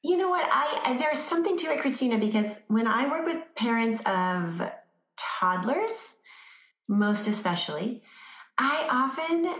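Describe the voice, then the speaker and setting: A woman parenting coach giving advice in an animated way, acting out little scenes with voices. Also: fairly high pitch, unhurried, roomy sound. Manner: animated, acts out examples with voices. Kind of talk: advice in conversation.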